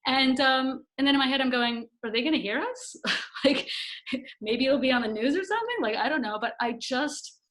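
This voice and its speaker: A woman's voice: sits high, normal speed. A woman co-hosting a casual chat on a video call, telling stories animatedly and acting out what people said. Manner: animated storyteller, acts out quotes.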